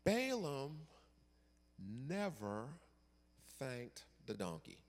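A male pastor delivering a sermon with dramatic storytelling that swings from loud to hushed. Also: medium pitch, wildly swooping pitch, very slow, in a large hall.

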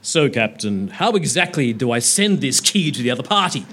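A man voicing a gruff, deep-voiced male alien security officer in a mock Klingon accent, slow and puzzled. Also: sing-song, a bit bright.

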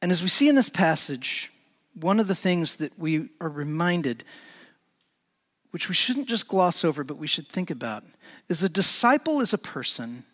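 A male pastor delivers a sermon in a slightly high voice, animated and building to emphatic peaks. His words ring out with a long reverb, as in a large hall.

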